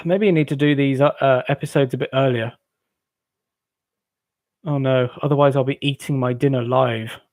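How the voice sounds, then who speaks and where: A man's voice: mid-range voice, fairly even intonation, moderate pace, long pauses, a little mellow, no echo. A jovial English man hosting a late-night live stream, reading viewers' chat comments and rambling with frequent laughs. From England. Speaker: livestream host. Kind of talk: casual chat with live chat readers.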